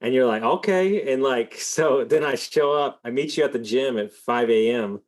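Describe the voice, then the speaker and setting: A man hosting a podcast, telling a story in a rambling, animated way, full of fillers and swearing. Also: medium pitch, normal speed. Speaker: podcast host. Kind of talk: casual storytelling in an interview.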